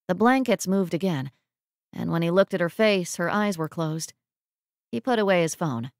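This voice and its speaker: A woman narrating a romance audiobook in a measured, emotive reading on a close mic. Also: lowish voice, vocal fry, no echo. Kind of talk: scripted narration.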